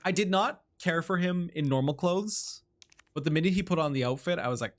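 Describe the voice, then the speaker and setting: A woman streaming a video game, chatting with viewers in a giggly, excitable way and reacting loudly to what happens. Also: fairly low pitch, fairly quick, a little hiss or hum. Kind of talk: casual live-stream commentary.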